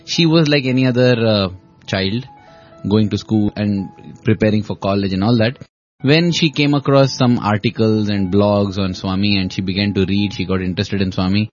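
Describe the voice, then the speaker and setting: A man hosting a conversation, listening attentively and then telling a story in a measured way. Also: lowish voice. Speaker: host. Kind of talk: casual interview chat. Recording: slightly muffled recording with faint music.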